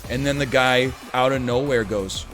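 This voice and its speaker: A man in his thirties giving casual gameplay commentary, chatty and prone to sudden excited yelling. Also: mid-range voice, normal speed, faint music behind. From Canada. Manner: animated, jumps from chatty riffing to excited yelling at the game. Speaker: gaming commentator.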